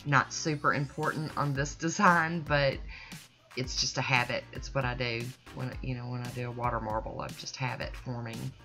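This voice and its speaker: Woman, low bright voice, folksy, enthusiastic tutorial host. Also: steady tone, moderate pace. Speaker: nail art channel host. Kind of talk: casual tutorial voice-over. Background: soft background music.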